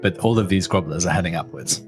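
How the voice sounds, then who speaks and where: Low-voiced man running a tabletop game. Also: quick pace, soft background music. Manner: relaxed, meandering descriptions with fillers. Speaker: game master.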